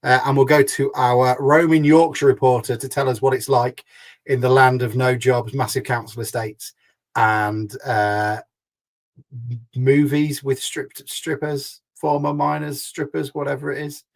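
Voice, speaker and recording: A man's voice: mid-range voice, little pitch movement, measured pace, creaky. A man hosting a fan podcast in casual chat, jokey and teasing. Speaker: podcast host.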